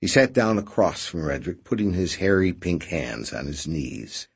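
A man reads an audiobook in scripted narration, measured and expressive. His voice sits very low, with a husky, breathy edge. His pitch still moves in a lively way across the lines.

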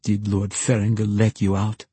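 A sullen young man with a lisp, sarcastic and bitter, as a male narrator reads him. His voice sits low and husky. It sounds dry and close. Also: completely flat delivery, normal speed, dark tone, no room sound. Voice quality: lisping. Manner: sarcastic, mocking.

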